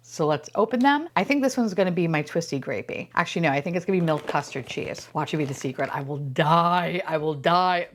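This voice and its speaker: Gushing woman with a lively, swooping voice. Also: on the low side. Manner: gushing, squeals and swears often. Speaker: unboxing vlogger. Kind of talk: casual toy unboxing chat.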